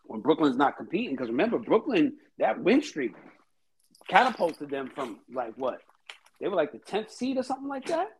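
A man co-hosting a casual sports talk show, animated and repetitive, laughing often. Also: a little high, normal speed, slight background noise, rough recording. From Haitian-American. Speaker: podcast co-host.

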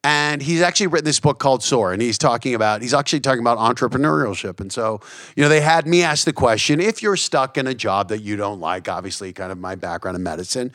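A man's voice: medium pitch, no room sound, clean studio sound. A man in his forties, a comedian and TV host, telling stories as a guest in a casual conversation. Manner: earnest, animated storyteller, frequent restarts.

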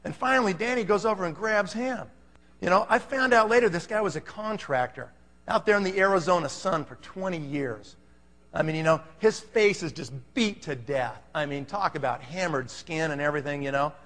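A man telling a story to an audience, animated and acting out the scene. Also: a little high, normal speed. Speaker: speaker telling a sales story. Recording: long hall reverb.

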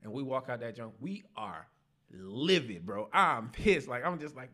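A young man on a podcast, telling his life testimony in casual slang, animated and laughing at himself. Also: mid-range voice, unhurried. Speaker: podcast guest.

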